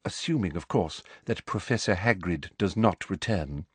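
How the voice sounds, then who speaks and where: Coldly polite official lady, soft and prim, creepy sweet, man putting her on, husky. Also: low voice, animated, normal speed, no echo. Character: sugary, menacing middle-aged woman official.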